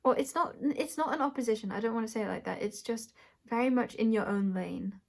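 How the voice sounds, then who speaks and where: A woman doing a pick-a-pile tarot reading, speaking in a searching way, often correcting herself and thinking aloud with soft laughs. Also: on the high side, animated, brisk, vocal fry. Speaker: tarot reader. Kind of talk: intuitive tarot reading to camera.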